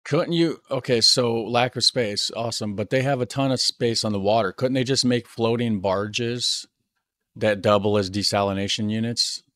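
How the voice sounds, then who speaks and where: A man's voice: mid-range voice, moderate pace, fairly bright tone, no echo, studio quality. An American man hosting a reaction channel, chatting casually and repeating words as he thinks aloud. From United States.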